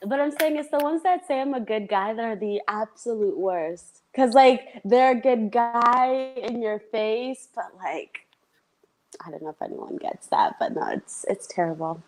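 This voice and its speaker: A woman's voice: on the high side, a little slow, a little mellow, rough recording. A woman guest in a casual chat, giving emphatic, opinionated remarks.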